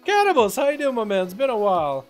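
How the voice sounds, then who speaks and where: Excitable young-sounding streamer calling fights. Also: male voice, very high voice, fast talker, soft background music. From Russia. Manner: excitable play-by-play, joking, casual slang. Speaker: livestream host and duel commentator. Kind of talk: live game commentary and chat talk.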